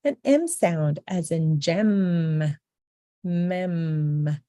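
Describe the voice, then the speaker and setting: Slow, patient woman teaching letter sounds. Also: low voice, warm tone, no room sound. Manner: slow, patient, repeats each sound several times. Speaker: language teacher. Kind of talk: beginner language lesson.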